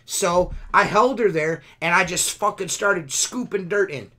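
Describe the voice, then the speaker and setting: A man's voice: sits high, unhurried, pushed and bright. A man hosting a podcast, ranting in a profane, exasperated way. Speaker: podcast host. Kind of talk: casual podcast rant.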